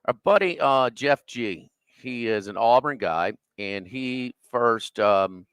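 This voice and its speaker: Rambling radio co-host, dry sound. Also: male voice, medium pitch, expressive, slow pace, a bit bright, clear, resonant tone, no room sound. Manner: rambling, many restarts and fillers. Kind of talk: casual sports chat. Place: restaurant, live remote broadcast.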